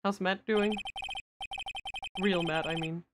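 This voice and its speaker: A woman's voice: lowish voice, fairly even intonation, slow pace, noisy background. A young adult woman streaming a game, chatting in a playful, giggly way. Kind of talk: casual game stream chat.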